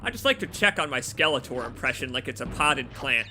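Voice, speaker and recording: A young man streaming a game, rambling and joking with his chat, his voice a little hoarse from long talking. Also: mid-range voice, expressive, fairly quick, few pauses, pushed and bright, soft background music. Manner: rambling, joking, self-deprecating asides to chat. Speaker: let's play streamer. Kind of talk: casual gameplay commentary.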